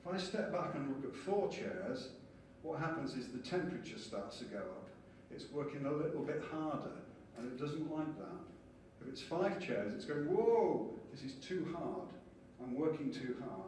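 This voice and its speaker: A man giving a lively conference lecture and explaining ideas with small acted-out scenes. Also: on the high side, normal speed, hardly any pauses, a little hiss or hum. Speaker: conference speaker. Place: conference hall. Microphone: distant from the mic. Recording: echoey hall from far off, faint ambience.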